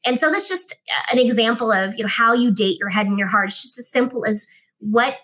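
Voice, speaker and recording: A woman guest on a podcast telling an animated story and acting out the dialogue in it. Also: a little high, fairly quick. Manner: expressive, acts out dialogue in her stories.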